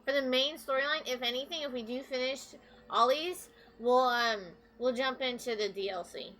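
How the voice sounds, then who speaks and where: A woman's voice: sits high, normal speed, fairly bright tone. A woman streaming a video game live, rambling to her chat with lots of fillers. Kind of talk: live gameplay commentary.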